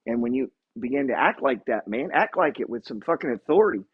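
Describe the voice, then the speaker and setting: Profane, husky-voiced man ranting. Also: medium pitch, expressive, a little fast. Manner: blunt, profane, emphatic. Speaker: investor and real estate buyer. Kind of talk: motivational rant. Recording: dull lo-fi recording.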